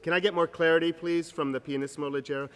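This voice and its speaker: A man's voice: fairly high pitch, steady tone, rapid-fire, a bit bright, a little hiss or hum. A man leading an orchestra rehearsal, giving directions and singing phrases with nonsense syllables. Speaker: orchestra conductor. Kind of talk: rehearsal instruction. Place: large concert rehearsal hall. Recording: reverberant hall with orchestra playing. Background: orchestra playing.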